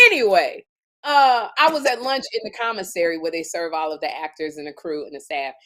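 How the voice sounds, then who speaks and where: A woman's voice: lowish voice, sharp tone. A woman co-hosting a comedy talk show, telling a funny story and acting out scenes in exaggerated voices. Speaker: podcast co-host.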